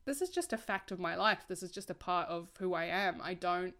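Podcast co-host, young woman, low-ish voice, candid and earnest, chatty. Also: sing-song, brisk, fairly bright tone. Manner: candid and earnest, often says "like". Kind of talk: casual chat.

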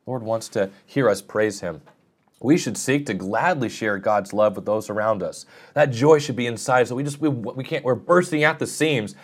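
A man's voice: normal speed, husky. A man preaching a sermon in an earnest, self-deprecating way, often lifting his voice to stress a point. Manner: earnest, self-deprecating, rises and falls in pitch for emphasis.

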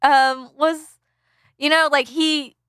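Bright high-voiced woman recapping a film. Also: steady tone, slow pace, no room sound, clean studio sound. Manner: rambling, filler-heavy, laughs often. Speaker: podcast co-host. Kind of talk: casual chat recapping a film.

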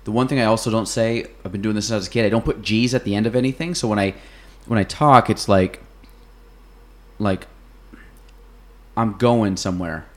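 A man's voice: on the low side, fairly quick. A young man hosting a podcast, chatting casually and rambling with lots of fillers and restarts. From North Country, New York. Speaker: podcast host. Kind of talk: casual chat.

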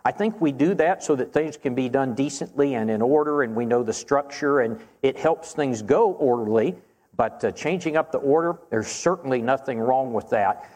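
A man preaching and answering Bible questions in an earnest, measured way, slowing down to stress key phrases. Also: mid-range voice, darkish tone. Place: church auditorium. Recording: long reverb of a church hall.

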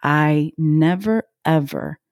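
A woman interviews a guest about faith, affirming her and sharing her own story. Her voice is low and mellow and she speaks slowly. It is recorded dry and close. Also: no room sound. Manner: warm encouraging, affirms with amens.

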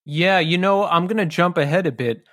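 A man hosts a podcast interview in a fairly high voice, recorded close and dry with no room sound. He asks questions with open enthusiasm, like a longtime fan. His delivery is casual and friendly. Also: moderate pace, fairly bright tone, dry recording. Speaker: podcast host.

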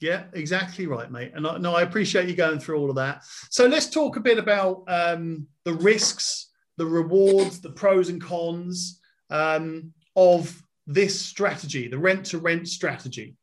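A man's voice: a little high, measured pace. A man hosting the show, enthusiastic and encouraging toward his guest. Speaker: podcast host.

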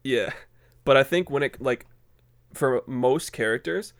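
A young man chats on a casual podcast, feeling his way through his thoughts with frequent fillers and restarts. His voice sits at an ordinary middle pitch and sounds dry and close, with no room echo. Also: measured pace, clean tone. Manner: hesitant, many fillers and restarts. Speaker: podcast co-host. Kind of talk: casual chat.

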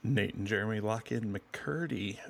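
Gravelly low-voiced quiz host, man. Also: normal speed. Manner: reads questions plainly, relaxed and agreeable. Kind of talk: casual trivia podcast.

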